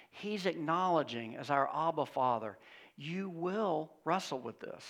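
A male pastor delivering a sermon with a gravelly, bright edge to a fairly high voice. He presses his points emphatically, at times rising to loud exhortation and at times dropping to a hushed, intimate tone.

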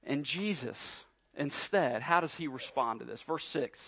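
A man's voice: medium pitch, animated, measured pace, gravelly, bright, forceful tone, breathy edge. A man preaching a sermon, emphatic and full of rhetorical questions, often repeating his words. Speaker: pastor.

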